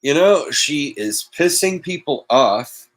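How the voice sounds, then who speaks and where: A man's voice: a little high, expressive, slow, rough recording. A man hosting a casual solo chat show from home, rambling and wry with self-mocking asides. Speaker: host.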